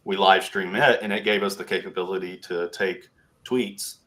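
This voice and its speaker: A man's voice: sits low, fairly even intonation, normal speed, fairly bright tone. A man chatting casually on a podcast, laid-back and laughing often. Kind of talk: casual chat.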